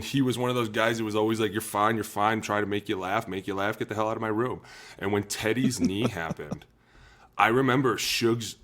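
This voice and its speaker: On a podcast, a man in his thirties who once played as a pro football lineman speaks quickly and with real feeling, performing the quotes of others as he goes. His voice is lowish with a slightly bright edge.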